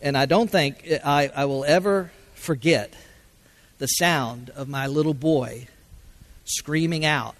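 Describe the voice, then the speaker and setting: A middle-aged male pastor preaching from the pulpit, his voice sitting a little high for a man. He moves from ringing calls to the congregation down to near-silent, drawn-out pauses. The delivery is dynamic and full of feeling. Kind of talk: sermon.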